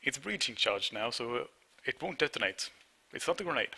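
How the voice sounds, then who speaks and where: A man's voice: mid-range voice, sing-song, fairly quick, sharp tone, slightly rough. A laid-back man playing in a tabletop game, who often trails off and laughs. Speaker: player. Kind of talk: casual game chat.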